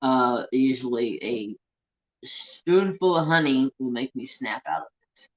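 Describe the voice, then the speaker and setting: This American host of a crafting channel is animated but measured, his voice mid-range, as he tells stories and reads viewer comments during a casual live stream. The sound is lo-fi and dull.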